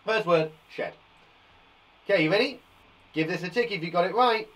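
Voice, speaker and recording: A man from England leading a live phonics lesson for young children, sounding out words slowly with a blocked nose and an encouraging manner. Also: high voice, noisy background. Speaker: primary school teacher.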